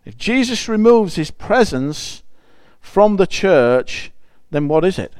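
A man's voice: high-pitched, sing-song, slow, a little mellow, clean tone, no echo. A man preaching a conversational sermon. He reads scripture aloud and explains it in a chatty, emphatic way, often restarting phrases.

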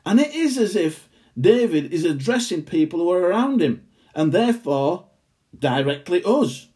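A man preaching a sermon, earnest and emphatic, slowing down to stress key phrases. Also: sits high, big pitch swings, warm tone.

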